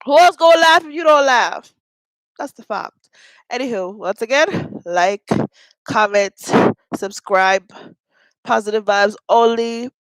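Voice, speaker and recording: A woman's voice: on the high side, animated, unhurried, pauses often, no echo, rough recording. A woman hosting a casual mukbang livestream from home, chatty and giggling at her own jokes, with a stuffy nose.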